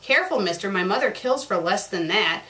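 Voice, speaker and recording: A woman's voice: mid-range voice, expressive, brisk, pushed and bright, distant mic. A woman reading out a bold, curious young daughter.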